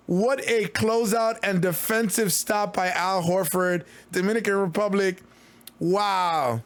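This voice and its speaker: Loud exclamations and quick calls fill this man's livestreamed basketball commentary, delivered in a high-pitched, increasingly hoarse voice. No room sound is audible, and he's clearly losing his voice.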